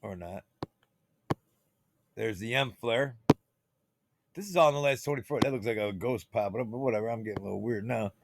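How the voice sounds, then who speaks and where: Showing things on his computer screen, a channel host rambles in a profane, conspiratorial, casual style. He speaks briskly in a lowish voice with vocal fry and long pauses, and the recording is very noisy.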